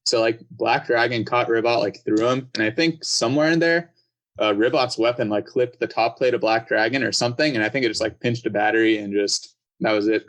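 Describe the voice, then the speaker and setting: Brief: male guest, relaxed, casual, mid-pitch, lots of "like". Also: fairly quick. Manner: relaxed, fills with "like". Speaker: robot-combat builder, podcast regular. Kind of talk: casual chat.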